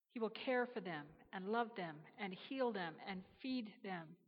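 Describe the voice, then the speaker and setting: Woman voicing a gentle, patient female God. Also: natural voice. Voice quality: soft and low-toned, quietly reassuring. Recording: dull reverberant sound.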